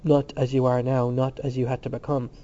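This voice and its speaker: A man voicing a calm, blunt young man who keeps asking his friend questions, read in a slightly raised voice. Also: mid-range voice, brisk, muffled recording, close to an everyday voice. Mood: probing.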